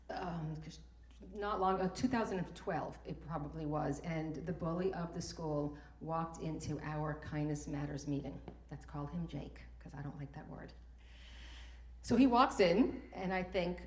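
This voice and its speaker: Heartfelt woman telling a story on stage. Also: on the low side. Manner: heartfelt, emotional, repeats words when moved. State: tearful at times. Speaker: speaker at a morning talk event. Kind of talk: personal storytelling talk. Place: event room. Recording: echoey room.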